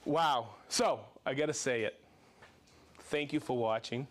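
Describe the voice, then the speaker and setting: A man's voice: medium pitch, measured pace. A man from South Florida hosting a live stream, playfully reading out viewers' names and hometowns with whoops and banter. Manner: upbeat, playful, calling out names and places with whoops. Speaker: livestream host.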